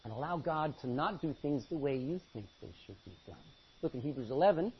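A pastor preaching a sermon, reading scripture dramatically and asking the congregation rhetorical questions. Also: male voice, fairly high pitch, lively intonation, fairly quick, slightly rough, muffled recording.

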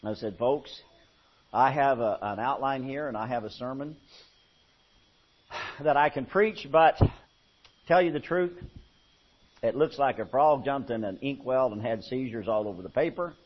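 A male pastor telling a folksy story in a sermon, swinging from hushed to loud. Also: mid-range voice, unhurried, long pauses, husky. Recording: muffled lo-fi sermon recording.

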